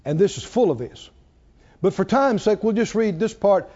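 A man preaching a sermon to a congregation, slow and measured, building up to shouted exclamations. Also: high-pitched, expressive. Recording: dull lo-fi recording.

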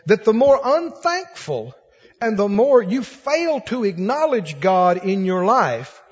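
A man's voice: high-pitched, very animated, slow pace, breathy edge, dull audio. A man preaching a sermon to a congregation, fervent and repetitive, building emphasis, recorded in a hall.

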